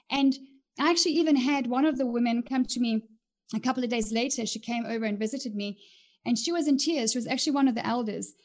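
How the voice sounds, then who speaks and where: A middle-aged woman, a coach and guest, sharing a personal story earnestly and with feeling. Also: high-pitched. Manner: earnest, animated, tearful at times.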